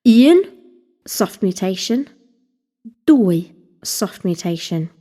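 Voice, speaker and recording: Woman tutor, mellow higher voice, deliberate scripted lesson delivery. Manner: slow, deliberate, spelling out vocabulary. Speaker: Welsh language teacher. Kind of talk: scripted instructional narration.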